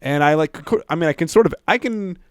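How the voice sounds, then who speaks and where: A man hosting a casual podcast chat, talking haltingly and repeating words as he searches for them. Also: on the high side, expressive, clean tone, no echo, studio quality. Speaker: podcast host.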